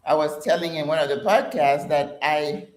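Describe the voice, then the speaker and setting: A woman's voice: deep voice, normal speed, a little mellow. An older woman, chatty and encouraging as she leads a live workout class and talks with viewers. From Caribbean. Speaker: fitness instructor and channel host. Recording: roomy echo.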